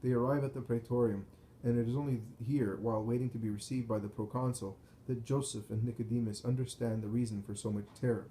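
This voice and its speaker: A man narrating a visionary text in a measured, solemn manner. His tone is dark and mellow, and a faint hiss sits under the recording. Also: medium pitch, steady tone, poor audio. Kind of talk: scripted first-person narration of a visionary text.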